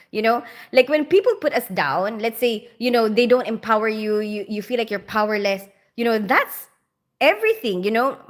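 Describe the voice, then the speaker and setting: A slightly high, fairly bright voice belongs to a woman in her forties raised in the Philippines. On her casual livestream she reads viewer comments aloud, often laughing as she talks.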